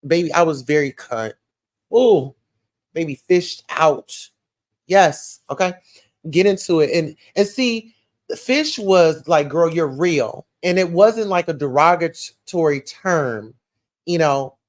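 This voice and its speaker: A woman's voice: low voice, slow pace. Sassy Southern woman dishing gossip. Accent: Southern US, Atlanta. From Atlanta, USA. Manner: sassy, animated, calls listeners child and baby. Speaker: commentary livestream host. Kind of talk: gossip commentary reading live comments.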